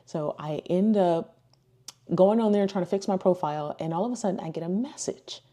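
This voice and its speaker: A woman's voice: fairly low pitch, fairly quick, dark tone. A woman in her thirties, a ministry speaker, sharing a personal testimony in a chatty way, with lots of "like" and "you know" and acted-out quotes.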